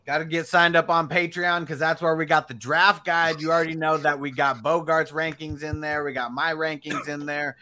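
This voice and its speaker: A man co-hosting a sports podcast, giving an upbeat promo pitch in a casual way. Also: little pitch movement, normal speed, few pauses, sharp tone. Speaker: podcast co-host.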